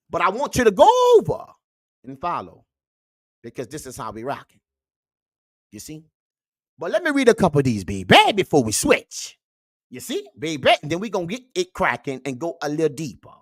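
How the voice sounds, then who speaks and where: A performer puts on a sermonizing uncle who lectures his audience like a preacher. His pitch leaps wildly from high squeals to low growls, and he leans on "baby" and "you see". The sound is close and completely dry. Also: no room sound. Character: preachy male uncle lecturing on red-pill views. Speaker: host. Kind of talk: comedic character monologue reacting to clips.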